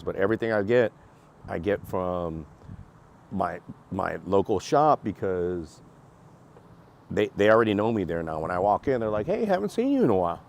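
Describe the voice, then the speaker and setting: A man's voice: sits low, a little hiss or hum. A man reviewing cigars and beer, telling a rambling story in casual talk and acting out quotes with laughs.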